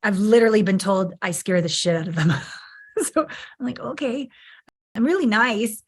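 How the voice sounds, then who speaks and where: A woman's voice: mid-range voice, lively intonation, normal speed, husky. A woman in her fifties, an intimacy coach speaking as a podcast guest, frank and emphatic, swearing freely as she tells her story. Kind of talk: candid podcast interview.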